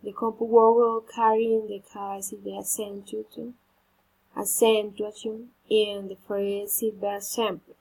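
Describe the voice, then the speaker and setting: Slow, husky woman drilling word stress. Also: medium pitch, flat delivery, darkish tone, poor audio. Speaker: English pronunciation teacher.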